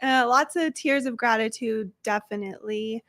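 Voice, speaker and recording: A woman's voice: on the high side, fairly bright tone. A woman from Colorado telling her recovery story as a guest. She sounds like a Valley girl and talks openly, close to tears. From Colorado, USA. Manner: open and emotional, quick to tear up. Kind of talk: sharing a personal recovery story. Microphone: close studio microphone.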